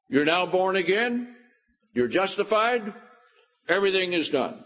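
A man's voice: high-pitched, expressive, a little slow. A man preaching a Bible teaching sermon, emphatic and given to sarcastic rhetorical questions. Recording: dull lo-fi recording.

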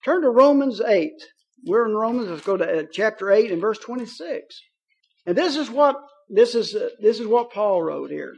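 A preacher with a notably high voice for a man delivers a sermon. He talks in a folksy, conversational way and paraphrases scripture in plain speech. When he reads verses aloud, he slows down on the key phrases. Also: expressive, vocal fry, slightly rough.

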